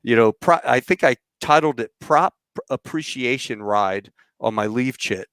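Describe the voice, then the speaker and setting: A middle-aged man hosting a podcast, telling rambling, animated stories about flying and acting out what others said. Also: medium pitch, unhurried, no room sound, studio quality. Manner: rambling, animated storyteller who acts out quotes. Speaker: podcast host. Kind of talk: casual storytelling chat.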